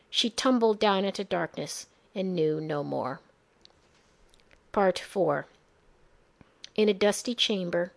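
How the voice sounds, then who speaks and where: A woman narrating a fantasy story in a measured storytelling manner. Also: medium pitch.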